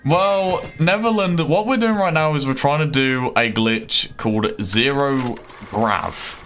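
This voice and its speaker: Over a bit of background noise, a young man speaks in a medium-pitched, fairly bright voice with a Birmingham accent. Born in Birmingham, England, he streams gameplay and talks to his chat in a chatty, rambling, self-deprecating way.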